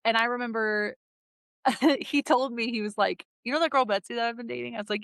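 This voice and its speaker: On a podcast, a thirtysomething daughter chats and tells stories full of fillers and voices she quotes. She speaks fairly quickly in a slightly high, somewhat bright voice with fairly even intonation, recorded in studio quality without room sound.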